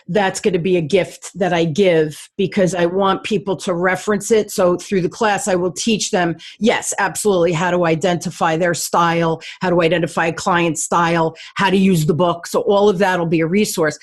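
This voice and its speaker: A woman's voice: on the low side, fairly even intonation, normal speed, hardly any pauses. A woman with a New Jersey accent, a coach speaking as a podcast guest from her home office over a remote call, talking with lots of energy and enthusiasm. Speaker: guest, sales and communication coach. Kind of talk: casual interview chat.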